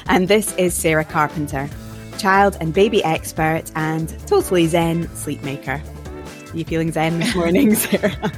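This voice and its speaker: Playful woman host, low-pitched, with faint music underneath. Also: normal speed. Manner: playful and jokey. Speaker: podcast host. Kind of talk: casual podcast hosting.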